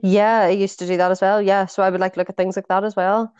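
A woman's voice: mid-range voice, level tone, fast, a little mellow, smooth, no room sound, dull audio. A woman in her twenties co-hosting a podcast, chatting casually, swearing freely and filling her talk with "like". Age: 20s. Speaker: podcast co-host. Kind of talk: casual chat.

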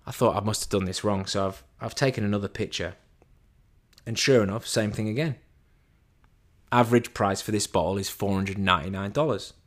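A man telling a casual story as a monologue, animated and chatty, with a self-deprecating tone and frequent restarts. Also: on the low side, brisk. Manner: animated, acts out quoted dialogue in a raised voice.

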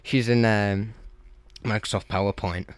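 Guy with a lowish voice cracking jokes on a podcast, laughs a lot. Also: fairly even intonation, a little slow, smooth, dry recording. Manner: jokey, laughing, trails off. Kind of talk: casual comedic chat.

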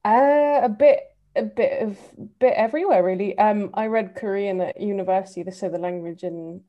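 A woman's voice: medium pitch, mellow. A woman in her thirties with an English accent, answering interview questions thoughtfully, with lots of ums. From England. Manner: thoughtful, many ums and kind ofs. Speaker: guest, civil servant. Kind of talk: interview answers, casual talk.

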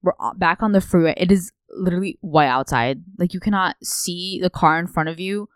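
A young woman co-hosting a podcast, telling a story in a profane, animated way. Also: on the low side, a little fast, clean tone, no room sound. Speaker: podcast co-host. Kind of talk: casual chat.

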